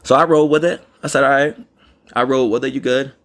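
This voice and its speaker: A man's voice: mid-range voice, fairly even intonation, fast, fairly bright tone. A man hosting a podcast, telling a story in a rambling casual way and often saying "you know what I mean". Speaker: podcast host.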